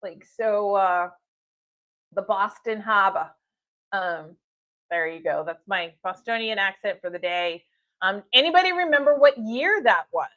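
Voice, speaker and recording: A woman's voice: mid-range voice, lively intonation, moderate pace, a bit bright, no echo. A woman hosting a live stream for her tea shop, talking in a chatty, upbeat way with fillers and laughs. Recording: dull lo-fi stream audio.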